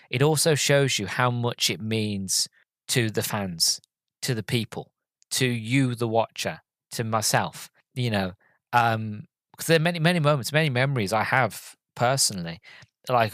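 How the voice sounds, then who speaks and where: A man's voice: fairly low pitch, fairly bright tone, no room sound. Earnest man, dry close sound. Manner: earnest, heartfelt and rambling, with many restarts. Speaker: podcast host. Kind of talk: casual film review.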